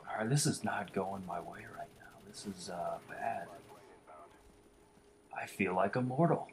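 A man's voice: low voice, normal speed, pauses often, slight background noise. A man giving live commentary over his own shooter match, swearing often and swinging between muttered whispers and frustrated outbursts. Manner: calls himself the Warlock in the third person. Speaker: gameplay commentator.

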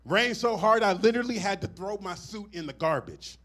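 A man's voice: high voice, animated, fairly quick, fairly bright tone. A middle-aged man preaching a sermon, swelling into emphatic phrases and turning to the congregation with asides and amens. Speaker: pastor.

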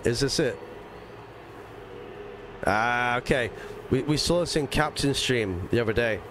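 Streaming a racing game live, a man with a blend of English and Scottish accents chats casually and ramblingly with his viewers, using lots of filler words. His medium-pitched voice is unhurried, and there's background noise.

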